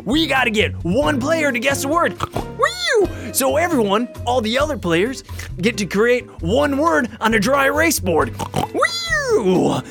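A man voicing a giddy squealing pig who pitches a board game. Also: gravelly, heavily acted.

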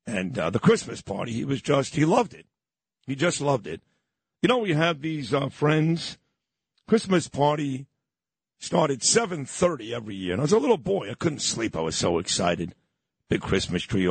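A middle-aged man from Brooklyn, hosting a morning radio show and reminiscing in a sentimental, halting way. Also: mid-range voice, gravelly, slightly rough, no room sound. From Brooklyn, New York. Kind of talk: radio talk show chat.

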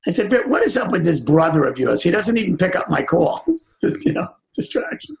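An older man with a gravelly, slightly high voice tells a deeply personal story as a talk guest. He talks intimately and often sinks into a hushed, near-tearful half-whisper. The pace is unhurried and confessional. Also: big pitch swings, low-quality recording. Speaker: podcast guest, music agent. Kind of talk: emotional storytelling.

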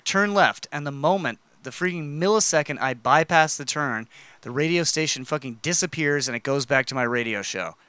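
A man's voice: on the high side, pushed and bright, clear, resonant tone, dry recording. A man co-hosting a casual podcast, reading a Reddit story aloud with dry asides. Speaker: podcast co-host.

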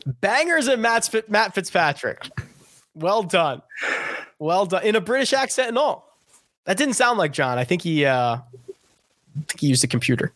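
Man podcast host, playful, very lively pitch, dry close mic. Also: moderate pace, pauses often, no room sound. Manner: playful, jokey, punny readings. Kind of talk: casual podcast chat.

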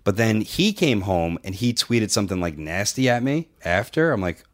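On his podcast, a middle-aged wrestling trainer tells a lengthy, foul-mouthed anecdote with lots of animation, voicing each character's lines. His voice runs fairly low and he talks at a normal speed in this casual conversation.

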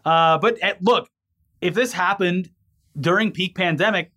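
Casting: man co-host, fairly high voice, rambling casual delivery, quick to laugh. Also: pushed and bright. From California. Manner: rambling, laughs easily, reads news stories aloud. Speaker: podcast co-host. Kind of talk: casual news chat.

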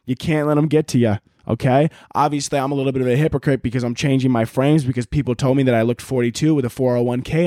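A man's voice: medium pitch, darkish tone, dry recording, studio quality. A young man hosting his own podcast as a comedian, ranting casually and swearing as he drifts off on tangents. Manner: profane, rambling, goes off on tangents. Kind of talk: casual solo podcast rant.

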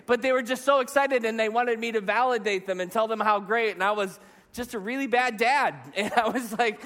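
A man in his thirties preaching a sermon in a church, telling stories with animated, self-mocking humor. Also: very high-pitched, fairly quick. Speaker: pastor. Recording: long hall reverb.

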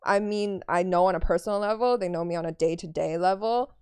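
A woman's voice: fairly low pitch, brisk, a little mellow, smooth, dry recording, studio quality. A woman comedian guest on a podcast, chatting casually in a rambling, self-correcting way.

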